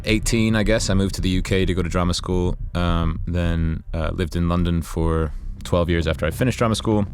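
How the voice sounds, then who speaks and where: Chatty man with a deep voice. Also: steady tone, a little fast, a little mellow. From USA and Ireland. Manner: chatty, many fillers, laughs easily. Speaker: voice actor guest. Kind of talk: casual interview.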